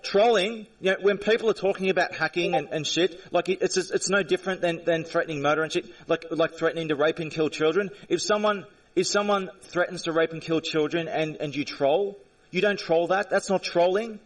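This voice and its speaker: A man's voice: sits high, brisk, far from the mic, rough recording. A man in an angry, confrontational rant at a chat viewer during a live stream, repeating himself and swearing.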